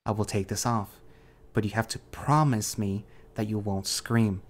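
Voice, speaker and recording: A man voicing a huge, gentle male gray wolf who speaks softly and calmly in an audio story. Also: on the low side, unhurried. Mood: soothing. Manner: soft, calm, pleading.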